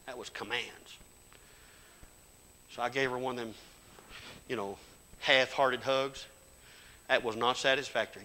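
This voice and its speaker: A middle-aged man preaches in a church, his voice sitting at an ordinary pitch. He moves between homespun storytelling and loud, fervent calls to his congregation. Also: steady tone, unhurried, pauses often, a little hiss or hum, low-quality recording. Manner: folksy storytelling with Southern grammar, rising to fervent loud exhortation. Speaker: pastor. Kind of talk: sermon. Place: church sanctuary.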